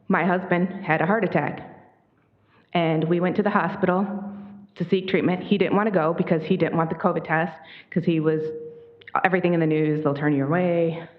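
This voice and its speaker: Nervous woman commenter, lowish voice, thin phone-like sound. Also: fairly even intonation, moderate pace, pauses often. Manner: nervous, hesitant. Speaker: public commenter. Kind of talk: public comment speech. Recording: thin, phone-like meeting audio.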